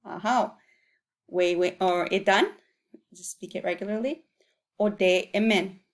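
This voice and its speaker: A woman teaching an Ojibwe vocabulary lesson, sounding out words slowly and coaxing learners to repeat after her. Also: medium pitch. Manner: patient, coaxing repetition for learners. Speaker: language teacher.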